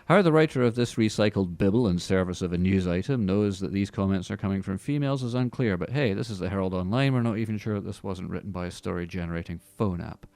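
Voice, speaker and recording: A man's voice: low voice, fast talker, few pauses, a little mellow, dry recording. A man hosting a movie podcast, reading news with dry, mocking asides. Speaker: podcast host. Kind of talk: casual comedic movie news chat.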